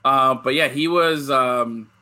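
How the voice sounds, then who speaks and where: A man hosting a casual podcast chat, opening baseball cards and telling animated stories, often saying "bro". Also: medium pitch, takes it slowly. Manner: animated storyteller, says "bro". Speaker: podcast host.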